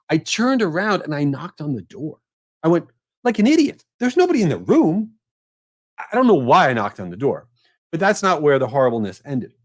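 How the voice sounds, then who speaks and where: A middle-aged man hosts a podcast and tells an embarrassing story in a loose, casual way. He mocks himself and turns animated, his voice jumping up high at the punchlines. His speaking voice sits a little high for a man. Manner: animated, self-mocking, rising to a high squeal at punchlines. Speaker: podcast host.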